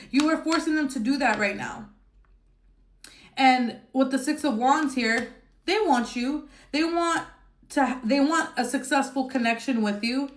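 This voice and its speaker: A woman giving a casual tarot reading, blunt and emphatic, swearing freely and using lots of fillers. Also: on the high side. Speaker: tarot reader. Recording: echoey room.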